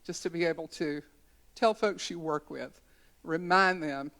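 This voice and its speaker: A woman's voice: low-pitched, unhurried, a bit bright. Woman in her sixties telling a story. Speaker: community educator. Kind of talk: storytelling speech at a symposium. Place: college conference center.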